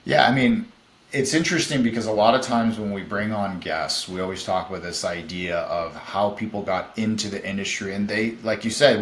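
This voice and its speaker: Man, podcast host, welcoming, upbeat, low voice, echoey room. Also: steady tone, moderate pace. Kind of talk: interview host introduction.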